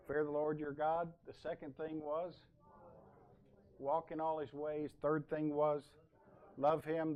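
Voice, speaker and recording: A man's voice: mid-range voice, darkish tone. Conversational male pastor preaching a sermon. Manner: conversational, asks the congregation questions; loose, with fillers and asides.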